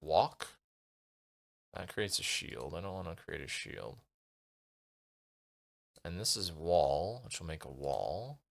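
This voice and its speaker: A man's voice: deep voice, very animated, slow, creaky, long pauses. A male streamer reading a gamebook aloud and muttering asides to himself as he decides what to do. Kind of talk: casual narration while playing a gamebook.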